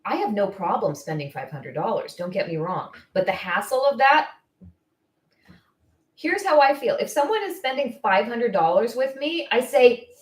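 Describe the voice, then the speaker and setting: A woman coaching estheticians on business in casual live-stream talk, blunt, candid and quick to get fired up. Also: a little high, sing-song, reverberant. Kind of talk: casual live-stream advice, answering viewer comments.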